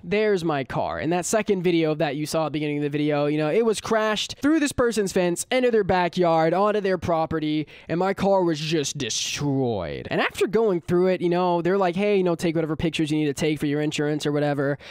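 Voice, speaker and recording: Young male storyteller, slangy and animated, higher voice, dry close sound. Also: a little fast, few pauses, smooth, no echo. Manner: animated, slangy, laughs at his own bad luck. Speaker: storytelling YouTuber. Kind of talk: casual storytime vlog.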